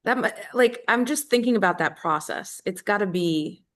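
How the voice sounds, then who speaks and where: A woman's voice: medium pitch, animated, normal speed, a bit bright. A woman conducts an interview in a conversational tone. She reacts with short affirmations and follows up with her own questions and comments.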